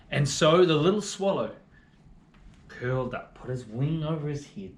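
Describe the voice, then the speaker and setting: A man reads a story aloud for children with lots of expression. His voice is slightly high and moves between bold and hushed lines. There is an echoey room and faint background noise. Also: unhurried.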